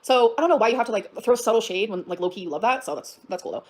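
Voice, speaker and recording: A young woman ranting on a livestream, talking very fast and heated, full of profanity. Her voice sits a little high and jumps to shouting when she is worked up. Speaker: livestreamer reading and reacting to a post. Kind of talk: emotional livestream rant.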